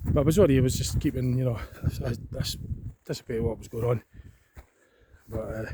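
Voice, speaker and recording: A man's voice: mid-range voice, fairly quick. Scottish man musing aloud outdoors. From Scotland. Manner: rambling, thinking aloud with fillers. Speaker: vlogger. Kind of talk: casual walking vlog. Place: outdoors by a reservoir on a cold day. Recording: outdoor camera audio with background noise.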